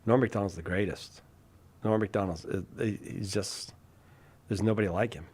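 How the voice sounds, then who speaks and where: A man's voice: fairly low pitch, steady tone, normal speed, a little mellow, slightly rough. A man hosting a live call-in talk show, chatting casually and joking about himself while reacting to viewer comments. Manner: joking, self-deprecating, reads viewer comments. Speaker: radio show host.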